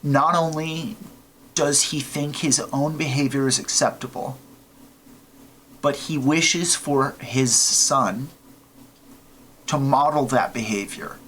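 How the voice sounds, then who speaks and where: An earnest man reading a letter and then giving serious advice in a measured tone. His voice sits in an ordinary middle pitch. A faint hum of noise runs behind him. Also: a bit bright. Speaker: advice video host.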